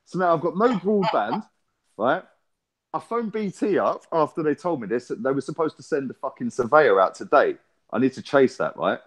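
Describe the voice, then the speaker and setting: Swearing man telling a rant. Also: medium pitch. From England. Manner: swearing, storytelling with rapid back-and-forth. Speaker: podcast co-host. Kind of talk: casual chat.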